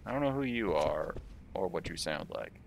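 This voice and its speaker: A man's voice: sits low, expressive, moderate pace, vocal fry, a little hiss or hum. A man voicing a curious young male detective in a fan game dub, asking probing questions. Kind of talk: fan voice-over of a game scene.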